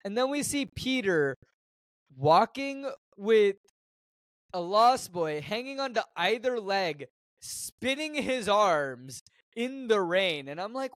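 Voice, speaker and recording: A man co-hosting a podcast, casually recapping a film from his notes with animated jokes. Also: high voice, slow, no room sound. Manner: animated, joking, reads notes aloud. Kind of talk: casual chat.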